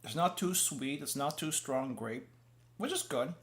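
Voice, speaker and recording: Snack-tasting on his VTuber stream, this guy from the United States chats loosely with gum in his mouth, rambling, correcting himself and restarting phrases often. He has a medium-pitched, fairly bright voice with lively intonation and a measured pace.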